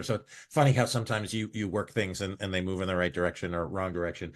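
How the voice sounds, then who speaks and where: A man hosting a business podcast, asking questions in a relaxed, casual way that is full of fillers. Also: low-pitched, fast, few pauses. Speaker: podcast host. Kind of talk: interviewing, casual.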